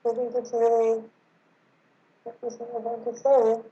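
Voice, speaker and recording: A woman's voice: a little high, monotone, a little slow, mellow. A young woman in casual chat with her ex, nervous and rambling, often trailing off. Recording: distant roomy muffled mic with faint hiss.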